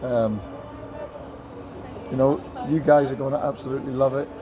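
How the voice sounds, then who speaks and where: An older man, once a footballer, gives a heartfelt, emotional interview outdoors at a stadium, with a crowd audible behind him and dull audio. His mid-range voice is steady and moderately paced, and he piles up phrases with many ums.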